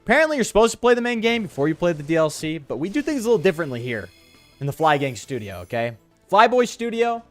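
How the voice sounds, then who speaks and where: Animated, jokey man streaming a game. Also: a little high, fast talker, dry recording, soft background music. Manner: animated, jokey, crude slang, reads game text aloud. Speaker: let's play streamer. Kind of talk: casual gaming commentary.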